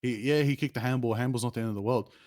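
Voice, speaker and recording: Man in his late 20s, mid-range voice, casual and animated, swings up in pitch mid-story. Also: rapid-fire. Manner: animated, rambling, with sudden pitch jumps. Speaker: interview guest, streamer.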